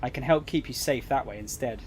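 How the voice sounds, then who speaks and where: A man reading the lines of a cool, snide male embassy agent in a visual novel, calm and condescending. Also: medium pitch, brisk, a little hiss or hum, lightly acted.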